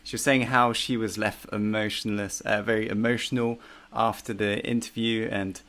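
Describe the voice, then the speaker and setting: A man's voice: lowish voice, flat delivery, normal speed, a bit bright. A man hosting an interview, listening attentively and asking short follow-up questions. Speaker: interview host.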